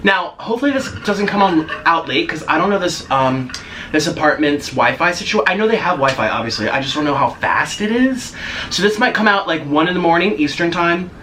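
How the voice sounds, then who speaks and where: A man in his twenties chatting in a casual mukbang vlog, excitable and gushing. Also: a little high, a little fast, slight background noise. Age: 20s. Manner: excitable, gushing, many gasps and squeals. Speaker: vlogger. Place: apartment in a busy city. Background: faint street ambience.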